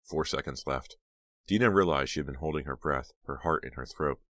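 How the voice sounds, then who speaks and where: A man narrating an audiobook in a measured storytelling manner on a close mic. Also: very deep voice, a bit bright, dry recording. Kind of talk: scripted narration.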